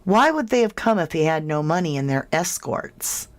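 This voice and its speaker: A woman's voice: deep voice, very animated, moderate pace, slight background noise. A woman hosting a casual true crime livestream, reading viewer comments aloud and chatting with them as "love".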